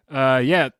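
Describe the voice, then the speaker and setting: A man's voice: medium pitch, fairly bright tone, smooth, dry recording, clean studio sound. A man telling stories as a podcast guest in a laid-back, slangy, rambling way. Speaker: guest musician. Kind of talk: casual podcast chat.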